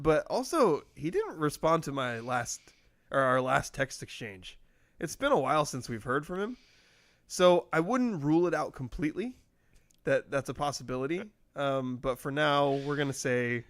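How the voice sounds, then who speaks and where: A man's voice: fairly high pitch, a bit bright, dry recording. Joking, rambling man hosting a podcast. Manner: joking, rambling, laughs often. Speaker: podcast host. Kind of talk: casual sports podcast banter.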